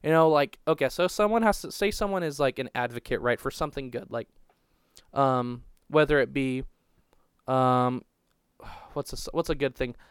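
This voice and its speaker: A man's voice: medium pitch, normal speed, clear, resonant tone, dry recording. A young man telling a crude, rambling story on a casual podcast, swearing constantly and restarting his sentences. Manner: profane, rambling, restarts a lot.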